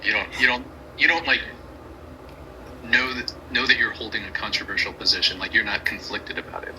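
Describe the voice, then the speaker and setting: A man's voice: lowish voice, a little fast, bright, forceful tone, slight background noise, poor audio. A man on a casual group call who asks the others questions and laughs along. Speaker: debate caller.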